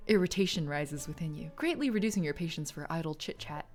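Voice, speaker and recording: A woman's voice: low-pitched, very animated, normal speed, soft background music. A young woman streaming a game playthrough, chatting with her viewers and giggling often as she reads aloud. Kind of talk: live game playthrough chat.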